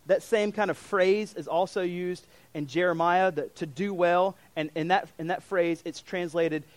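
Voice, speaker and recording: Young male pastor with a high voice, lively preaching style, restarts and fillers, dry close sound. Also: moderate pace, few pauses, dry recording. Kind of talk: sermon.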